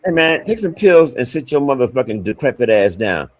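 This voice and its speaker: A man's voice: medium pitch, very animated, brisk, low-quality recording. A man trash-talking on a live stream, profane and taunting.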